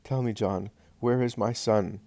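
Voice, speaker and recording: A man voicing a grieving middle-aged mother who speaks softly and haltingly, gentle and steadfast. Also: on the low side, fairly even intonation, no room sound. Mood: tender, hushed. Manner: soft, hushed, halting between short sentences.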